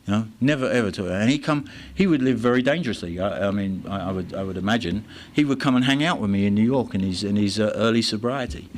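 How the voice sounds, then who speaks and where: An English man with a fairly low voice shares his recovery story at a meeting. He talks haltingly, stopping and restarting with plenty of fillers. A faint hiss sits under the voice.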